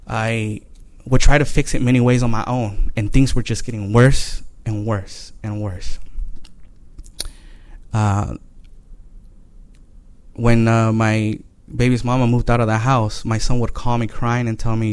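A man giving an emotional personal testimony, earnest and halting, often repeating his phrases. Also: medium pitch, level tone, a little mellow, clear, resonant tone, no room sound.

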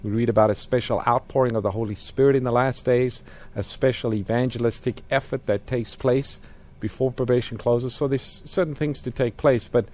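A man's voice: medium pitch, steady tone, fairly quick, darkish tone. A man co-hosting a Bible question show, reading listener questions and adding scripture. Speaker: co-host. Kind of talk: Bible question and answer talk.

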